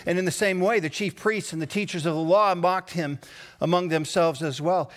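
High-voiced preacher, hushed and dramatic. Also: male voice, moderate pace. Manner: dramatic, swings between hushed and raised voice. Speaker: pastor. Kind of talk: sermon.

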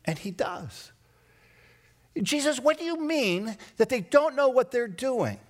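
A preacher with a high voice delivers a sermon. He drops to a hush, then rises into dramatic outbursts. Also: very animated, takes it slowly. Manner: dramatic, swings between hushed and raised voice. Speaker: pastor.

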